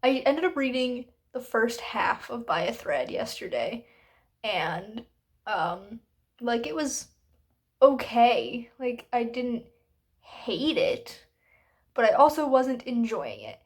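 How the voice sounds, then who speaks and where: Casual book vlogger, woman, slightly high pitch, exasperated rambling delivery full of fillers. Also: very animated, takes it slowly. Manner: chatty and exasperated, many fillers. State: hiccuping. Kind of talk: casual reading vlog rant.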